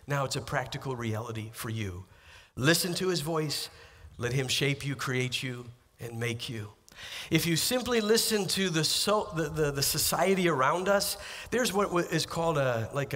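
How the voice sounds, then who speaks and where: A middle-aged man pastor preaching a sermon, emphatic, rising to loud peaks and dropping to quiet asides. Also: on the high side, lively intonation, normal speed.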